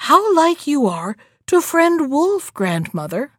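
Innocent curious small girl, voiced by a woman reader; bright, eager, dry close sound. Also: sits high, big pitch swings, slow, dry recording, pitched above the performer's own voice, full character voice. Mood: wondering. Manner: bright, wide-eyed, eager. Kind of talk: storybook reading.

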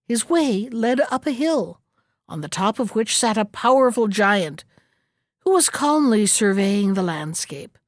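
Storybook narrator, woman, expressive, bright and lively, dry close recording. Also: mid-range voice, dry recording.

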